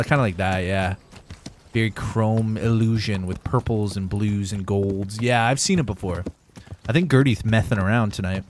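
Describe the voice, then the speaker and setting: A young man with a fairly low voice chats through a live gaming stream, joking and rambling with his viewers. His banter is loose and profane, spoken close to a desk microphone. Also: a little hiss or hum. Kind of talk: casual gaming livestream chat.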